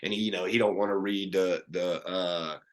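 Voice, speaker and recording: A middle-aged man, a podcast guest, telling a personal story in an earnest, animated way with many restarts. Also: deep voice, moderate pace.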